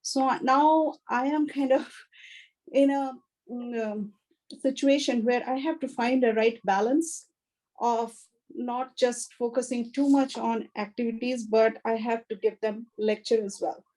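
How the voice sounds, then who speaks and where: A woman with a fairly high voice speaks over a video call in a faculty workshop. She talks at a measured pace and fills her pauses with "um" and "you know". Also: steady tone, warm tone, low-quality recording. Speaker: college instructor. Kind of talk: online faculty workshop discussion.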